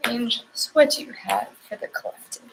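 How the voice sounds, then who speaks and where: A woman's voice: on the high side, normal speed, vocal fry, noisy background. A young woman giving a spiritual oracle card reading, speaking tenderly with affirmations and sounding close to tears.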